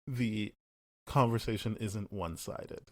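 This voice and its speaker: A man's voice: on the low side, dry recording. A young man co-hosting a podcast, talking casually and animatedly, often acting out what characters said. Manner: animated, acts out characters' lines in quick paraphrase. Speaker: podcast co-host. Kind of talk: casual chat.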